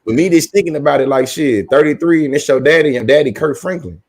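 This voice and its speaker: A man's voice: a little high, fast talker, slightly rough. A man around thirty co-hosting a casual podcast chat. His speech is slangy and profane, and he rambles through restarts. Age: 30s. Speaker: podcast co-host.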